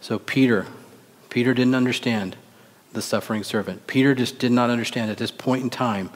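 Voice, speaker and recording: A male pastor preaching a sermon, animated, acting out quoted voices and asking the congregation rhetorical questions. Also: mid-range voice, brisk. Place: church sanctuary. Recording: long reverb of a church hall.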